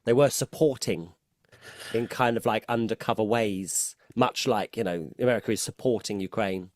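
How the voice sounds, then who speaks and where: A man's voice: on the low side, moderate pace, dry recording, clean studio sound. Hesitant man in casual chat. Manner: hesitant, lots of likes and ums. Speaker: podcast guest.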